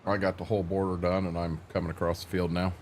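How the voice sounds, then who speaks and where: A man's voice: low-pitched, flat delivery, fast talker, a little hiss or hum. An older man hosting a live stream, chatting casually in a plainspoken, rambling way and repeating words as he thinks. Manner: plainspoken, folksy.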